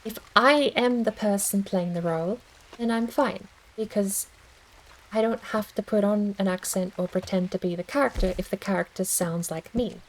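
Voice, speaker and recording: A woman's voice: mid-range voice, normal speed, a little hiss or hum, low-quality recording. A woman streaming a video game, chatting casually and thinking aloud in a rambling, self-deprecating way. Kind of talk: casual gaming stream chat.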